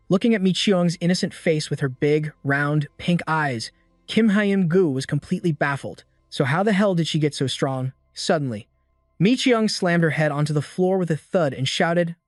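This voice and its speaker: A man with a somewhat high voice reads a comic story recap in an even, scripted way. The sound is dry and close to the mic, and faint music plays under him. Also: moderate pace, no echo. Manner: even storytelling, reads quotes without acting them. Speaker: recap narrator.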